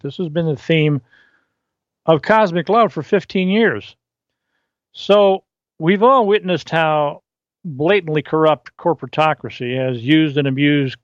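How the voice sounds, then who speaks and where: A man hosting a solo podcast, reading from his articles and riffing off script in a rambling, halting way with many fillers and restarts. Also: on the high side, dry recording, muffled recording. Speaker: podcast host.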